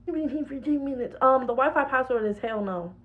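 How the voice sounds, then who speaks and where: Lady playing a pushy uncle who calls people out, blunt, highish voice. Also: brisk, narrow, tinny audio, close to an everyday voice. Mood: scolding. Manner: blunt, confrontational. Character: bossy adult uncle, scolding and defensive. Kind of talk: comedy skit.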